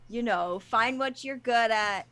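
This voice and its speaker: Lively young Englishwoman, chatty guest. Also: fairly high pitch, a little slow. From England. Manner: animated, acts out her own past quotes, frequent restarts. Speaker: guest, actress and producer. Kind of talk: casual live-stream chat.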